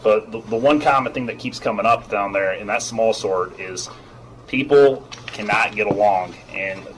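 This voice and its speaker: A middle-aged man, an HR manager, giving formal testimony at a hearing in a measured, explanatory way, often repeating himself. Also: lowish voice, slight background noise, low-quality recording.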